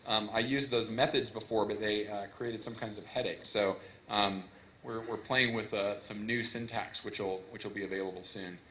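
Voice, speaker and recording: A man giving a relaxed, enthusiastic technical talk at a conference, explaining things step by step. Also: on the low side. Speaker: conference speaker. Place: conference hall. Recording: echoey conference hall.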